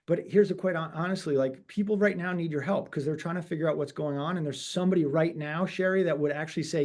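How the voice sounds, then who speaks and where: This is a man in his forties, a real estate broker who guests on a webinar. His voice sits high for a man. He tells his stories with energy and acts out each exchange he quotes. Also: quick pace, hardly any pauses. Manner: animated storyteller acting out quoted dialogue. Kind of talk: webinar interview storytelling.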